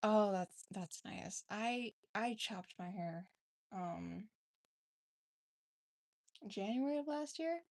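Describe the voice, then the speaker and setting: A woman's voice: mid-range voice, animated, takes it slowly, pauses often, no echo, studio quality. A woman vlogging at home, coaxing her cats onto the bed with giggly baby talk. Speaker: vlogger, cat owner. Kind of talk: casual chat with her pets.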